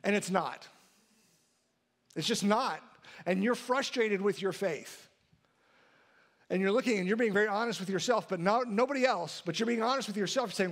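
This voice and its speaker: A man's voice: high-pitched, normal speed, long pauses, a bit bright. A man preaching a sermon as pastor, talking conversationally and often checking in with a "right?" and restarting his phrases. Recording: church sanctuary.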